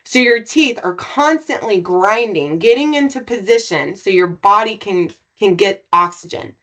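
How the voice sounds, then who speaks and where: A woman guest on a podcast, earnestly retelling her own story in a lively, conversational way and checking in with "right?" as she goes. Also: mid-range voice, a little slow. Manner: earnest, animated retelling with frequent "right?" tags. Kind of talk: personal storytelling in a podcast interview.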